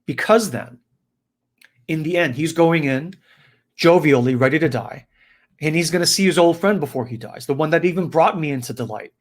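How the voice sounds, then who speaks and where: A man giving a reflective spiritual talk in an animated, conversational way, often checking in with his listeners. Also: fairly high pitch, normal speed. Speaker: spiritual teacher.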